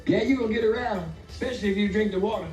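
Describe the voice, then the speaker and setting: A man's voice: high-pitched, fairly even intonation, very fast, close to an everyday voice. An actor playing a cranky, sarcastic old male junk dealer in a 1970s sitcom clip, heard as a roomy, distant TV recording with music underneath. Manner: sarcastic, wisecracking.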